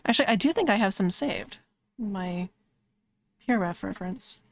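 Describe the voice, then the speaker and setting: A woman's voice: medium pitch, expressive, moderate pace, creaky, a little hiss or hum. A woman streamer chatting casually while she draws, rambling with lots of "like" fillers. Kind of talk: casual chat while drawing on a live stream.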